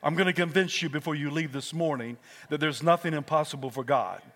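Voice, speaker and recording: High-voiced preacher in a reverberant hall. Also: male voice, a little fast. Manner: fervent preaching that swings from hushed to shouting; calls on the congregation to repeat words. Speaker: pastor. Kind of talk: sermon. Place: church sanctuary.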